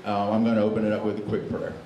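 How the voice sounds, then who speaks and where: A man's voice: fairly low pitch, level tone, racing, dark tone. A man hosting a memorial gathering, leading an informal prayer and introducing speakers, with many fillers and restarts. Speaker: memorial service emcee. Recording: echoey room with faint noise.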